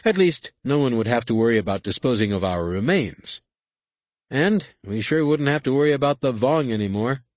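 Man putting on a snide nasty prisoner pilot guy, sarcastic, pitched up, husky. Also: sing-song, moderate pace, no room sound. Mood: sneering. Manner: sneering, sarcastic, higher-pitched. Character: sneering male pilot prisoner, bitter and hostile.

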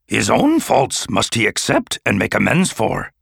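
Yoda, a man doing a gravelly ancient alien sage. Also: on the low side, wildly swooping pitch, a little slow, a bit bright, no echo, clean studio sound, full character voice. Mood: gently reproving. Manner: inverted word order, thoughtful hums. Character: ancient small male alien sage, stern yet dryly gentle.

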